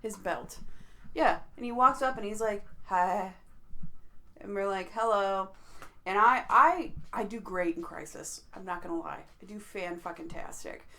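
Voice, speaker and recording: A woman with a Chicago accent, co-hosting a casual podcast and telling animated, profane stories. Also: mid-range voice, moderate pace. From American Midwest. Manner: animated, profane, laughing storyteller. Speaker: podcast co-host. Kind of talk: casual storytelling chat.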